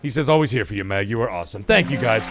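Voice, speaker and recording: Racing along in a lowish voice, with music playing behind him, a man hosts a casual livestream. He reads viewer donations out loud, swearing freely and excitedly, and his voice catches with emotion.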